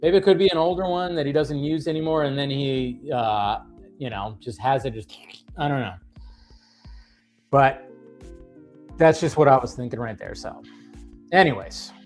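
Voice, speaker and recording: A man's voice: mid-range voice, normal speed, long pauses, faint music behind. A man hosting a livestream, ranting casually with many fillers and restarts, sounding exasperated. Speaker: livestream host.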